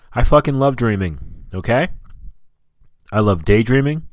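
A man's voice: lowish voice, animated, moderate pace, long pauses, no room sound, clean studio sound. A man hosting his own podcast, rambling and ranting in casual, heavily profane talk. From New York and New Jersey area. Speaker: podcast host. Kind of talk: casual solo podcast monologue.

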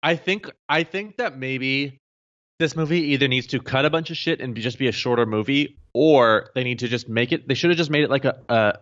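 A man's voice: medium pitch, a little fast, a bit bright, muffled recording. A man co-hosting a podcast, chatting casually about a movie with joking, sarcastic asides and laughter. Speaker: podcast co-host. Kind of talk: casual movie review chat.

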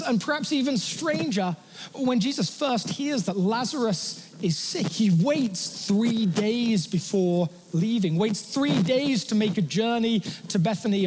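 A male pastor delivers a sermon in a church, his voice pitched fairly high for a man. He talks conversationally, dropping humorous asides to the congregation. A long reverb trails his words through the hall. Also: darkish tone, slight background noise.

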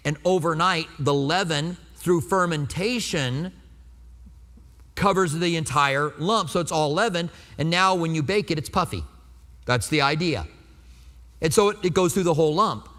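High-voiced man preaching in a hall. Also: normal speed, fairly bright tone. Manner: conversational, asks the congregation rhetorical questions. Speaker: pastor. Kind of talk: sermon.

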